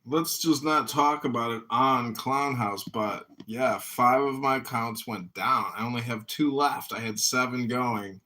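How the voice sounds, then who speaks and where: A man's voice: medium pitch, unhurried, hardly any pauses, bright, forceful tone. A man hosting a casual online audio chat, greeting people effusively and repeating catchphrases. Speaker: political candidate hosting an audio chat room.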